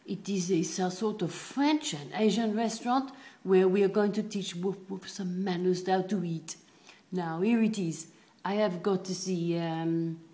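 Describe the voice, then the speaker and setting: A woman plays a fussy stuffed toy dog in a homemade comic puppet tale, prim and easily scandalized by bad manners. She chats along in a middle-pitched voice, scolding one moment and gossiping the next. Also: close to an everyday voice. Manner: prim, indignant, chatty storytelling.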